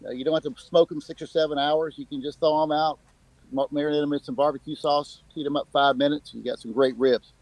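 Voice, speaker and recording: A man speaking as a guest and business owner, giving a plainspoken sales pitch full of fillers. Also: fairly even intonation, fast talker, darkish tone, dry recording, low-quality recording.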